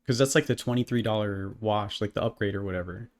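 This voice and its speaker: A man co-hosting a podcast in casual chat, relaxed and full of filler words. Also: on the low side, fast. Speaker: podcast co-host.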